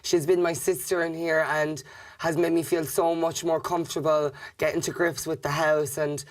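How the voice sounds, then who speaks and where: A young Irish man in a reality-show diary room, speaking gently and affectionately about friends in the house. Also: a little high, level tone, normal speed. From Ireland.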